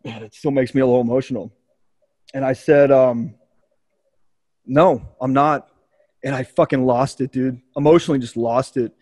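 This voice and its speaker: A man's voice: medium pitch, fairly even intonation, normal speed, pauses often, a little mellow. A man hosting a podcast, telling a candid, emotional personal story in casual speech with frequent swearing. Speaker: podcast host.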